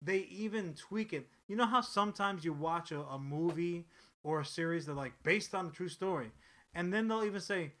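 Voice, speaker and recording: A man with a slightly high, sharp and tense voice chats casually as a podcast co-host. He rambles through the story, swears freely and keeps restarting his sentences. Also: normal speed. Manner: rambling, profane, animated storytelling with frequent restarts. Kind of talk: casual chat.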